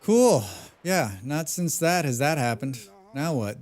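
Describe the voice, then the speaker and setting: A man's voice: a little high, lively intonation, slow, a little mellow. Rambling, joking male game streamer. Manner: rambling, joking, self-deprecating. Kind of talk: casual gaming livestream commentary.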